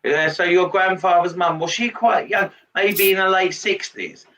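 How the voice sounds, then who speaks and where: A man working as a medium, giving a live reading to a sitter in a halting way, with many pauses and fillers. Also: sits high, bright, forceful tone, slight background noise. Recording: distant mic, dull lo-fi sound.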